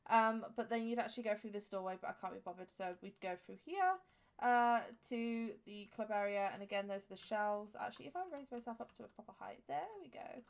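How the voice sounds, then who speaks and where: A woman's voice: mid-range voice, expressive, fairly quick, creaky. A woman in her twenties with an English accent, giving rambling, chatty commentary over a game with many fillers and restarts. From England. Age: 20s. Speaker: game streamer. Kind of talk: casual gameplay commentary.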